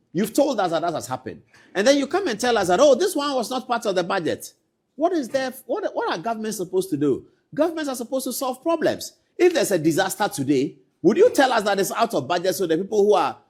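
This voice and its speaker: A man hosting a political talk show, speaking indignantly, his voice climbing to loud emphatic peaks and then dropping low. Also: slightly rough. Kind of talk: commentary to camera.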